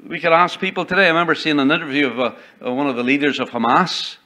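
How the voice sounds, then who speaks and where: A man's voice: fairly high pitch, fairly even intonation, quick pace, bright, forceful tone. A male pastor preaching a sermon in a church, reading scripture aloud and building emphasis as he goes. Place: church sanctuary.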